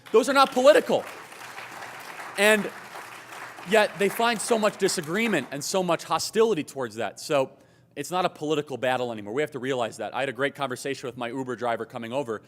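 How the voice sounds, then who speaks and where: A man giving a persuasive political speech at a hotel conference and taking audience questions, talking emphatically and briskly. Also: medium pitch, a bit bright, some chatter behind. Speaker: conference speaker.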